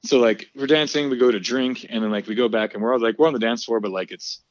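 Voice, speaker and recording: A man from the United States chats casually, rambling through a story with constant fillers and bursts of laughter. His voice sits at a middling pitch. The sound is dry and a little muffled. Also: fast, no echo. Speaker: podcast co-host telling a story. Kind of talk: casual chat.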